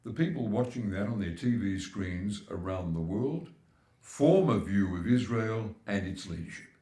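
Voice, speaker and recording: A man's voice: fairly low pitch, expressive, unhurried, warm tone. Older Australian man speaking in echoey hall. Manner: emphatic, building points with repetition. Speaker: keynote speaker. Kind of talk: public speech at a forum. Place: large hall at a live forum.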